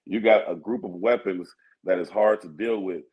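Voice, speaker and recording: A man's voice: sits low, steady tone, moderate pace, highs cut off. A man co-hosting sports radio, laid-back and thinking aloud with plenty of fillers. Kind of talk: casual sports talk.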